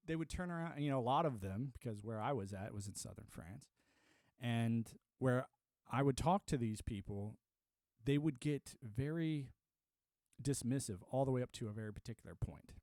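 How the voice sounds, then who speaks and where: A man's voice: medium pitch, fairly quick, dark tone, dry recording, clean studio sound. A young adult man from the United States talking into a streaming mic, ranting emphatically with lots of fillers. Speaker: livestreamer. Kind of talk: live-stream monologue.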